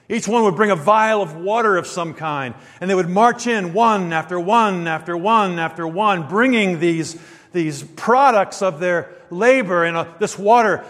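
A man preaching a sermon, moving from quiet reflective passages to loud, emphatic stresses as he reads and explains scripture. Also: a little high, big-room sound.

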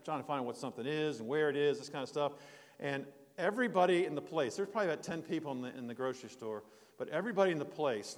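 A man's voice: a little high, in a large hall. An older man preaching a sermon in a folksy, rambling storytelling way, with restarts and asides. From United States.

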